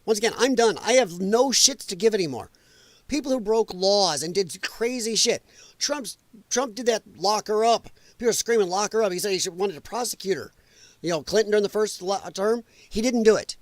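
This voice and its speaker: A man with a high voice rants bluntly and profanely as a livestream host. He sounds close and dry on the mic, with no room around him. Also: a little fast, dry recording. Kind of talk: ranting live commentary.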